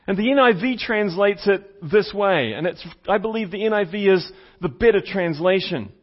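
High-voiced man preaching a sermon. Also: expressive, normal speed. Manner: teaching, repeats key points for emphasis; asks the congregation questions. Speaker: pastor. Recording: slightly dull, lo-fi sound.

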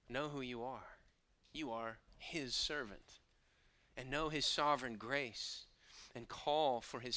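Bright-voiced man preaching earnestly. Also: medium pitch. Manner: earnest, emphatic preaching with slow stressed phrases. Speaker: pastor. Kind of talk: sermon.

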